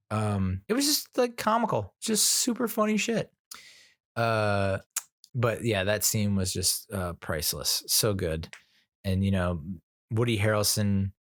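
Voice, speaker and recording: A man's voice: lowish voice, no echo, studio quality. A man giving a casual spoken movie review, rambling with lots of fillers, restarts and frequent laughter.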